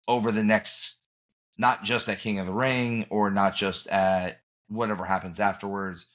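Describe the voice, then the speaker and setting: A man's voice: deep voice, fairly bright tone. A man hosting a podcast in casual chat, rambling and often trailing off and restarting mid-thought. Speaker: podcast host.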